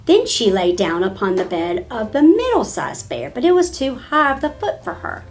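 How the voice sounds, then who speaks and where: A woman reading a children's storybook aloud in an expressive, sing-song way. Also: a little high, normal speed, faint music behind. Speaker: storybook reader.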